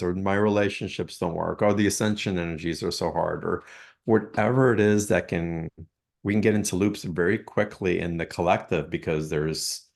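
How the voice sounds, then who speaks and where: A man hosting a call, musing slowly in a casual chat and stacking up phrases as he reflects. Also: low-pitched, creaky. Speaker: host.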